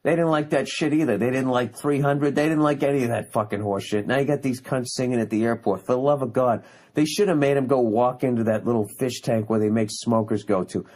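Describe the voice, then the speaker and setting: A man's voice: mid-range voice, brisk, a little mellow. A man hosting a podcast alone, ranting sarcastically and profanely, with occasional mocking impressions. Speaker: podcast host. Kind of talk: solo ranting monologue. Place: on vacation away from home.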